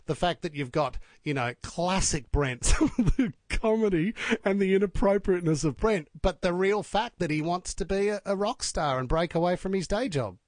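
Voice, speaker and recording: A man's voice: sits high, expressive, normal speed, no echo, studio quality. A man co-hosting a radio show, chummy and upbeat. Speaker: radio co-host. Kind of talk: casual radio chat.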